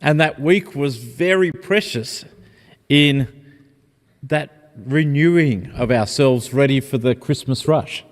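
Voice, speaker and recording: A man preaching a sermon in a gentle, reflective, personal way. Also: medium pitch, slow pace. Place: church. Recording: long church reverb.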